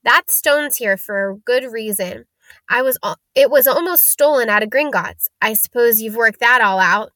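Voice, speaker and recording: A woman's voice: a little high, moderate pace, fairly bright tone, no room sound, natural voice. A woman reading aloud, voicing a big, friendly, secretive male groundskeeper with folksy, clipped speech. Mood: gruff.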